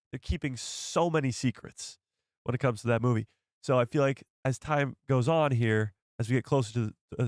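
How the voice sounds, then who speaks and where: Male host, casual live-stream chatter, mid-pitched voice, close dry mic. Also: no room sound. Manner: chatty, laughs often, addresses chat.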